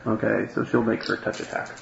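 A man running a tabletop game as game master, halting with many ums and restarts. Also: fairly low pitch, flat delivery, gravelly. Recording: echoey room, dull lo-fi sound, faint noise.

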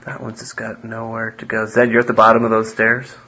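A man running a tabletop game as game master, halting with many ums and restarts. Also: lowish voice, monotone. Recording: echoey room, dull lo-fi sound, faint noise.

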